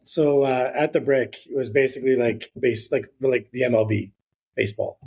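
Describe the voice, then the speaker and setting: A man's voice: medium pitch, steady tone, normal speed, a little mellow, husky. A man, a real estate agent guest on an interview podcast, telling a rambling anecdote in a casual way with the odd swear word.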